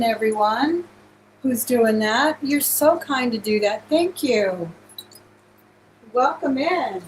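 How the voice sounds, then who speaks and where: A woman's voice: a little high, a little hiss or hum, low-quality recording. A woman hosting a live-stream jewelry auction, chatting casually and gushing thanks to her viewers.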